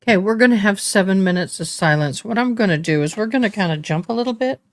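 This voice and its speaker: A woman hosting a live stream, giving casual commentary in a halting way and repeating words when she is moved. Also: mid-range voice, expressive, dry recording.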